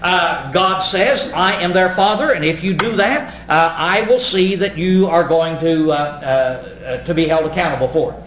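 A man preaching a Bible study sermon, explaining scripture in a folksy, halting way with many filler sounds. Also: fairly high pitch. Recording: echoey, muffled room recording with faint ambient noise.

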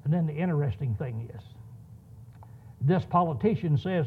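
A man's voice: a little high, animated, normal speed, pauses often, slightly rough. A man preaching a sermon, telling a story and asking rhetorical questions. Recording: tinny phone-like sound.

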